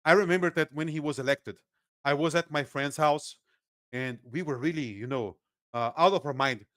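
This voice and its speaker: This guest on a laid-back podcast is a political analyst from Brazil who speaks with a Brazilian accent and has Portuguese as his first language. Lively and quick to laugh, he keeps restarting his sentences. Fairly high pitch, no echo, studio quality.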